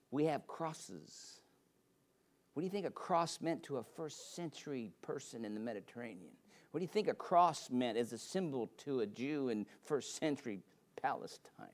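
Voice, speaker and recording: A man preaching with an emphatic, repetitive cadence, his voice at a middle pitch. He drives points home by building phrase upon phrase. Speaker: pastor. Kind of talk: sermon.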